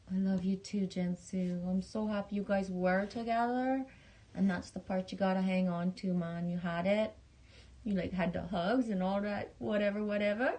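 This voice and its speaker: Halting, rambling woman livestreamer. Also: mid-range voice, steady tone, mellow. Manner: halting, rambling, with many restarts and swearing; affectionate, talking straight to viewers. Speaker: livestream host. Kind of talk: casual livestream chat reading viewer messages.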